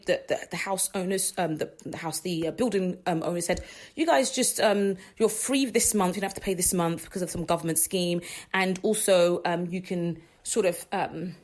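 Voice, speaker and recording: A woman, hosting a gospel radio show and telling a personal story in an animated way, acting out what others said and laughing often. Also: lowish voice, brisk. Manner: animated, acts out quoted dialogue, laughs often.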